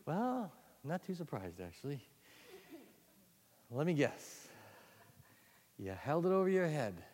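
A man voicing an apologetic shopkeeper who speaks quietly and stumbles over his words. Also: fairly high pitch, sing-song, measured pace, big-room sound, voice pushed up. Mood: sheepish. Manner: quiet, hesitant, apologetic, stammering. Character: apologetic, soft-spoken male shopkeeper.

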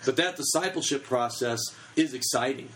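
A man's voice: mid-range voice, moderate pace, fairly bright tone, a little hiss or hum, low-quality recording. A man in his thirties giving a casual teaching talk on children's ministry, chatty and full of fillers.

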